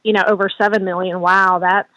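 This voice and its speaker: A woman's voice: medium pitch, level tone, a little fast, fairly bright tone, no room sound, poor audio. A woman calling in to a morning show and chatting in a friendly way. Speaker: caller. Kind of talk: casual call-in chat.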